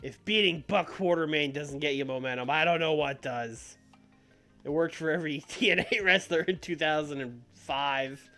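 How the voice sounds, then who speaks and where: A man's voice: a little high, normal speed, pushed and bright, soft background music. A man streaming a game with casual commentary, making wry, muttered asides and laughing often. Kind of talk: casual let's-play commentary.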